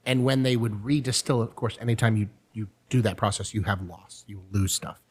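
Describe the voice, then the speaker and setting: A man's voice: lowish voice, brisk, husky. Rambling storytelling podcast host, man. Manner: rambling storyteller, animated quoted voices; drinks and chats over whiskey. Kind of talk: casual chat.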